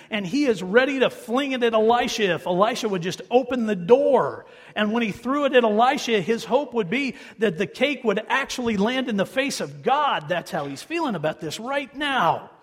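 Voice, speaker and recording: A male preacher delivers a sermon in a high, husky voice. He is emphatic, dropping to hushed asides and rising to fervent, repeated insistence. A long hall reverb trails every phrase. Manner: emphatic, with sudden swings from hushed to raised and fervent.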